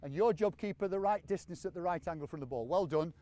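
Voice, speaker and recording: A man with a raised, high-pitched voice coaches players on an outdoor football pitch. He calls out brisk, encouraging commands and explains the drill as it runs. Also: warm tone.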